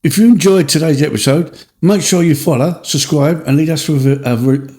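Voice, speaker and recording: A man's voice: on the high side, fairly quick, a little mellow. A man in his sixties with a Cockney accent, co-hosting a casual chat podcast and stumbling cheerfully through a read outro. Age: 60s. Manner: stumbles over his reading, chuckling. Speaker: podcast co-host.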